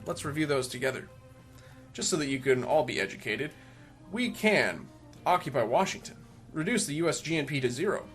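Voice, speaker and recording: A man's voice: on the high side, a bit bright. A man casually commenting on a strategy game he is playing, rambling and cracking self-mocking jokes. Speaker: let's play commentator.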